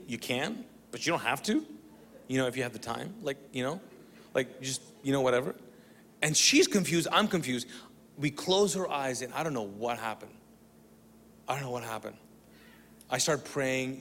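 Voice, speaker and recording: Animated man preaching in an echoing hall. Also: mid-range voice, normal speed, long pauses, slight background noise. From Middle East. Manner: animated storytelling, acting out dialogue, swinging from loud to hushed. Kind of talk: sermon storytelling. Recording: long reverb of a large hall.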